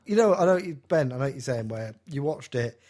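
A man's voice: medium pitch, expressive, fast, a little mellow. A man in casual film chat, making dry, wry remarks.

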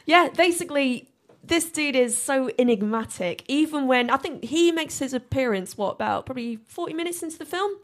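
A woman's voice: high voice, animated, brisk. Giggly woman telling a film story. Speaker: podcast co-host. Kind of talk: casual film chat.

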